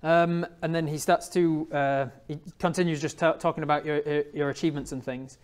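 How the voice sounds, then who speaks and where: A man's voice: fairly high pitch, fairly quick, smooth. Man running a tabletop game. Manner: relaxed, rambling narration with fillers. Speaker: game master.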